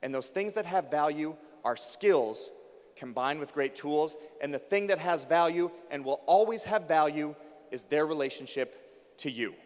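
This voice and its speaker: A man's voice: a little high, measured pace. Man speaking with long hall reverb. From United States. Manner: builds emotion with repeated refrains. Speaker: keynote speaker for teachers. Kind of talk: motivational keynote storytelling. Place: large school auditorium.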